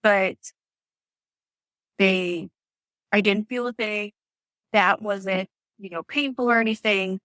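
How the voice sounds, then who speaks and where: A woman's voice: mid-range voice, slow pace, long pauses, fairly bright tone, dry recording, rough recording. A woman guest on a podcast, telling her story in a chatty, casual way, often laughing and acting out what others said. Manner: chatty, lots of fillers.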